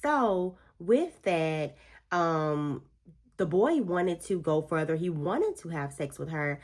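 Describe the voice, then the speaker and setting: A woman's voice: on the low side, animated, slow pace, darkish tone. A woman vlogger chatting through a book review while doing her makeup, telling the story expressively with slangy asides.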